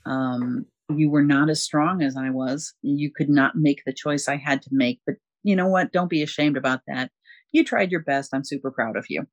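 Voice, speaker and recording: A man's voice: fairly high pitch, moderate pace, lo-fi sound, close to an everyday voice. A man doing a stern paternal elder. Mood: solemn. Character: stern proud father figure, male, older.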